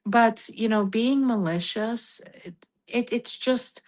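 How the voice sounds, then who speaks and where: A woman guest on a podcast, telling stories in casual conversation in an animated way, often laughing and acting out what people said. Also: fairly high pitch, slow. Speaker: guest, paranormal investigator.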